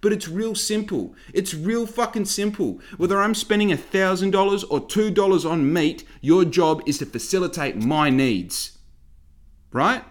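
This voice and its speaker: A man's voice: high-pitched, measured pace. A man telling a story as a heated, exasperated rant full of swearing.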